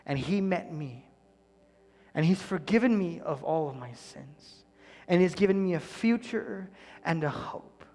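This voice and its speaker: Earnest pastor with a soft, hushed delivery. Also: male voice, sits high, long reverb tail. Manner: earnest, often dropping to a soft near-whisper. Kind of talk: sermon.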